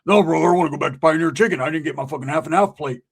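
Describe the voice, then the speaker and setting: A hot-headed biker buddy who holds every grudge, as a storyteller puts him on. He talks loud, fast and profane in a somewhat husky voice. Everything comes out indignant. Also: on the high side. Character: brash grudge-holding male biker buddy.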